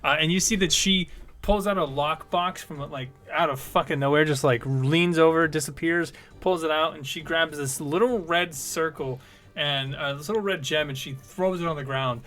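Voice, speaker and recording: A man's voice: on the high side, moderate pace, fairly bright tone. A man narrating a tabletop game as game master, casual and peppered with swearing and fillers.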